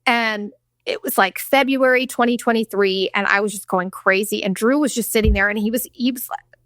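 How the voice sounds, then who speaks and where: On the show she hosts, a woman in her thirties delivers a candid storytelling monologue full of profanity and acted-out quotes. She speaks at normal speed in a slightly high, fairly bright voice, recorded dry with clean studio sound.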